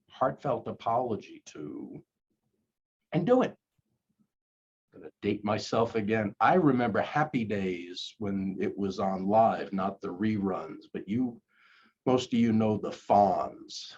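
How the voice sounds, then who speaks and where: A man's voice: fairly low pitch, darkish tone, husky. An older man, a conflict coach, giving earnest, coaxing advice straight to the camera and acting out sample apologies. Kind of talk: direct-to-camera advice talk. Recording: dull lo-fi recording.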